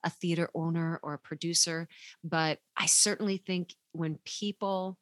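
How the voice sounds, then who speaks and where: Low-voiced woman co-hosting a podcast. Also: steady tone, moderate pace, no room sound. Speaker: podcast co-host. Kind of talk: casual chat.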